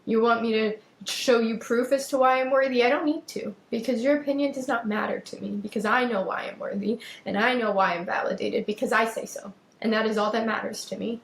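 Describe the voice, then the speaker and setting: A woman's voice: on the high side, steady tone, brisk, gravelly, hardly any pauses, roomy sound, low-quality recording. A young adult woman hosting a podcast, talking emphatically about self-worth, repeating phrases and speaking straight to her listeners. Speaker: podcast host. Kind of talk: personal monologue on self-worth.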